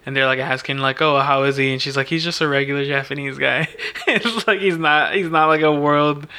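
A man's voice: fairly high pitch, steady tone, a little fast, sharp tone, smooth. A man chatting casually as a podcast co-host, laid-back, filling his talk with "like" and laughing often. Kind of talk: casual chat recapping a film.

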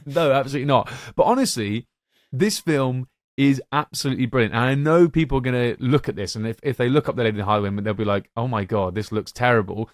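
A man's voice: mid-range voice, quick pace, no echo. Young guy gushing about movies, big showy asides to the listeners, super dry close mic. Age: young adult. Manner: animated, showman-like addresses to listeners. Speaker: podcast co-host. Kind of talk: enthusiastic film-ranking chat.

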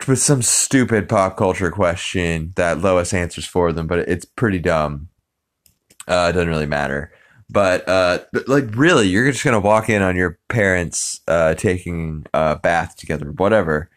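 Deep-voiced guy recapping a cartoon, rambly, lots of uhs and ums. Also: unhurried. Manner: rambling, many fillers. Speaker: podcast host. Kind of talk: casual episode recap.

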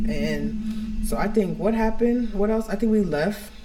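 A woman's voice: medium pitch, slow pace, warm tone, soft background music. A woman co-hosting a podcast from home, telling a personal story in a frank, rambling way full of "like" and "you know". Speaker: podcast co-host.

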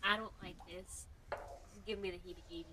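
A woman's voice: lowish voice, steady tone, quick pace, noisy background. A woman playing in a tabletop game, brash and playful. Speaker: player. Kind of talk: casual tabletop play.

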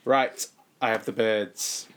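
A man's voice: fairly low pitch, steady tone, slow pace, a bit bright, smooth. A man, co-hosting a podcast in playful casual chat. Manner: playful, repeats himself patiently. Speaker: podcast co-host. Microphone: podcast mic with headphones.

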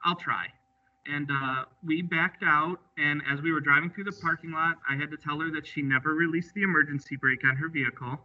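A man's voice: on the high side, steady tone, fairly quick, few pauses. A man who works as a drive examiner, telling stories from the job in an easygoing way and quoting what people said. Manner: easygoing, recounts with quoted dialogue. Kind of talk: storytelling in an interview. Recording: slightly distant, muffled audio.

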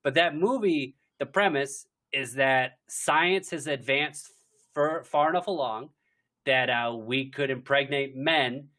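A man, a filmmaker guest, chatting casually in an interview, telling animated stories and laughing often. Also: mid-range voice, slow pace. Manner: animated storyteller, laughs often, acts out quotes.

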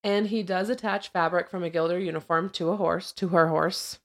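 A woman's voice: lowish voice, steady tone, a little fast. Chatty woman recapping a film. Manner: chatty, laughs often, retells scenes and trivia. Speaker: podcast co-host. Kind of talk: casual chat recapping a film.

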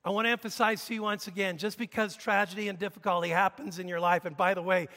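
A man preaching a sermon, telling an everyday story and then building to loud, emphatic declarations before a congregation. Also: sits high. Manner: storytelling, rising to forceful emphatic shouts. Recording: long reverb of a large hall.

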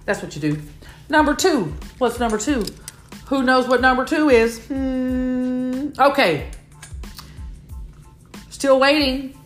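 Woman, comedic motivational speaker, lively storyteller who plays out others' voices; higher voice, roomy echo. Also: slow, long pauses, soft background music. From Houston, Texas. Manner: animated storytelling, playfully acting out other people. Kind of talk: comedic motivational talk to an audience.

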